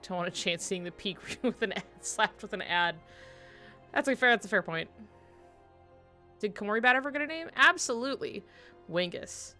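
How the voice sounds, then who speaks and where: A woman's voice: medium pitch, moderate pace, long pauses, faint music behind. A woman streaming a video game at home, chatting casually and telling stories with lots of giggles. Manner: giggly, animated storytelling. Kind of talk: casual chat while playing a video game.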